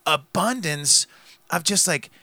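A man's voice: a little high, lively intonation, slow pace, pushed and bright, no echo. A man co-hosting a casual podcast chat, rambling and enthusiastic, with casual swearing.

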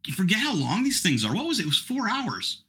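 A man's voice: sits high, huge pitch swings, fast talker, bright, forceful tone, breathy edge. A middle-aged man hosting a podcast, chatting casually in a rambling, self-mocking way. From Canada. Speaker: podcast host. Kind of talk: casual chat.

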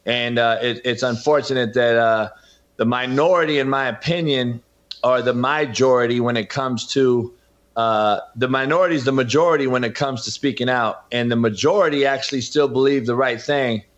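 A man's voice: mid-range voice, moderate pace. A middle-aged man, a football coach and podcaster, talking emphatically as a guest in an interview and often addressing the host by name. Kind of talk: impassioned interview talk. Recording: dull lo-fi audio.

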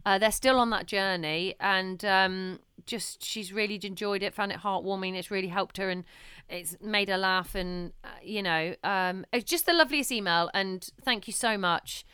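Woman co-host, bright crisp voice, chatty, laughs a lot, dry close sound. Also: medium pitch, normal speed, dry recording. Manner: chatty, laughs often, trails off with ums. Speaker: podcast co-host. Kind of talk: casual chat.

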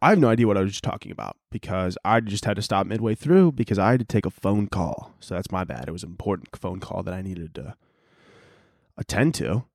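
A man's voice: fairly low pitch, expressive, a little fast, gravelly, darkish tone, no room sound, clean studio sound. A young man hosting a comedy podcast, rambling casually with lots of filler and acting out little scenes. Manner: rambling, heavy on filler, acts out bits in quoted voices. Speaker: podcast host.

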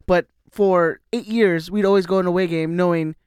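A man co-hosting a casual podcast, telling anecdotes in a relaxed way and laughing now and then. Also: high-pitched, normal speed, clear, resonant tone, no room sound, clean studio sound. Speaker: podcast co-host. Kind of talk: casual chat.

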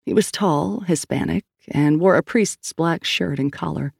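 A woman's voice: low-pitched, measured pace, gravelly, a little mellow, breathy edge, no room sound, clean studio sound. A woman narrating a novel in clipped, terse scripted storytelling. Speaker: audiobook narrator.

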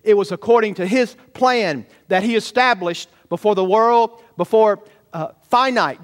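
High-voiced pastor preaching. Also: male voice. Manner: emphatic preaching, rhetorical tag questions, rising to loud peaks. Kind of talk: sermon. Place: church sanctuary.

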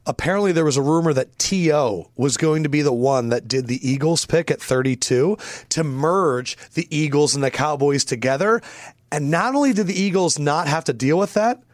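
A man co-hosting a casual sports podcast, animated and jokey, sometimes putting on mock voices. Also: fairly high pitch, normal speed, dry recording, clean studio sound. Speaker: podcast co-host.

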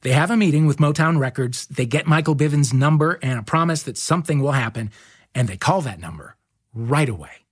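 A podcast host reads scripted narration in a measured, wry way. His husky voice rises and falls in lively swings. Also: on the high side.

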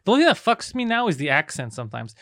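A man's voice: a little high, sing-song, rapid-fire, pushed and bright, no echo, clean studio sound. A man co-hosting a podcast, joking crudely and laughing often, slipping into mock voices. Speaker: podcast co-host. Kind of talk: crude casual banter.

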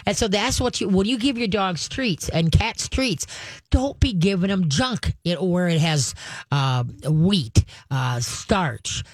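A woman's voice: lowish voice, lively intonation, slow, no echo. A woman hosting a call-in show as a dog trainer, chatty and folksy, acting out firm commands. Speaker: dog trainer radio host. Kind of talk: casual call-in advice.

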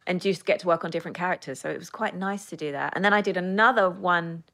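Woman, British accent, animated, low-ish voice, studio interview guest. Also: quick pace. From United Kingdom. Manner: animated, storytelling. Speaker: guest actress. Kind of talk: casual interview chat.

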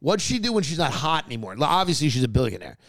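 A man's voice: fairly high pitch, sing-song, quick pace, vocal fry, no room sound, poor audio. A man co-hosting a podcast, talking in a rambling, joking, opinionated way. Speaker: podcast co-host. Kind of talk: casual joking chat.

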